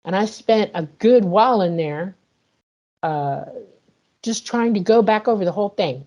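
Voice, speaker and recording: A woman guest in an interview, retelling a personal experience in an animated way and acting out the dialogue. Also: medium pitch, moderate pace, muffled recording. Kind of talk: emotional personal storytelling.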